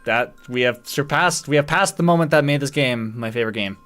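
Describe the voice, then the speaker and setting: Male streamer, casual and chatty, middling pitch, faint game music underneath. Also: a little fast, few pauses, a bit bright. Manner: chatty, laughing asides, filler "uh". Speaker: streamer, gamer. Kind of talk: casual gameplay commentary.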